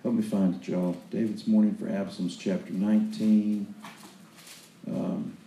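Man, sermon, dark mellow voice, conversational storytelling, echoey room. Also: lowish voice, little pitch movement, unhurried, slight background noise. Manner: loose, conversational storytelling with restarts and acted-out quotes. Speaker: preacher. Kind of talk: sermon retelling Bible stories.

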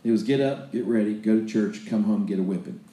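A man's voice: lowish voice, fast talker, mellow, roomy sound. A man preaching a sermon in a folksy, storytelling way, often restarting his sentences.

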